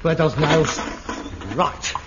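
A middle-aged man, acting in an old TV sitcom, theatrical and excitable, muttering one moment and ranting the next. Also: on the high side, slow. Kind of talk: 1960s-70s TV sitcom acting. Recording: lo-fi archive TV sound with faint hiss.

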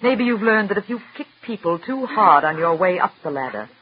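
A woman's voice: medium pitch, expressive, a little fast, slightly rough. A cool, firm married woman. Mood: stern. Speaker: narrator. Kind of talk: 1940s radio drama acting. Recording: muffled old radio recording with music.

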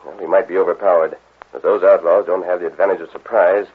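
A bold masked hero speaks fast with a deep, slightly husky voice and firm command. It is heard through the thin, tinny sound of an old radio play. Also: male voice, fairly even intonation. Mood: earnest. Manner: commanding, earnest, quick.

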